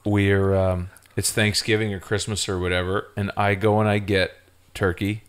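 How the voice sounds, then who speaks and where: This man talks in a very low, deep voice and wanders loosely from one anecdote to the next. He is a podcast co-host in relaxed conversation, and his tone stays playful and chatty throughout. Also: moderate pace, clear, resonant tone. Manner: rambling, playful storytelling. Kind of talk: casual chat.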